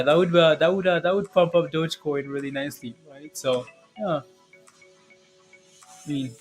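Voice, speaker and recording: A man hosting a live stock market stream, greeting viewers by name in casual chat and often ending points with "right?". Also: fairly high pitch. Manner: chatty, repeats himself, ends points with "right?". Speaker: livestream stock market host.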